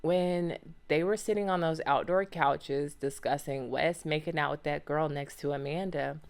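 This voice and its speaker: A woman's voice: deep voice, fairly even intonation, normal speed, vocal fry, clear, resonant tone. A woman hosting a solo podcast, talking casually and animatedly with slang and lots of exclamations and rhetorical questions. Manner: slangy and conversational. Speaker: podcast host.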